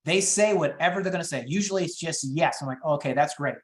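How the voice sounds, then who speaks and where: A middle-aged man leading a real estate training session, talking in an upbeat, high-energy way and moving quickly through his points. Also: reverberant. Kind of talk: training webinar talk.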